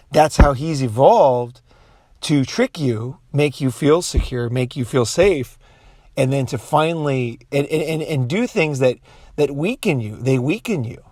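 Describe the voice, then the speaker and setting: A man's voice: mid-range voice, darkish tone, no room sound. Profane, rambling man with a dry sound. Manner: profane, rambling, with many restarts and put-on quoted voices. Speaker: commentator. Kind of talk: casual monologue.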